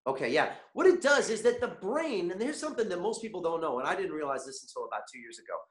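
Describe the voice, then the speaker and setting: A man hosting a motivational online masterclass, energetic and constantly asking his viewers questions. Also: sits high, fast, roomy sound. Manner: animated, keeps asking the chat audience questions. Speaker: webinar host.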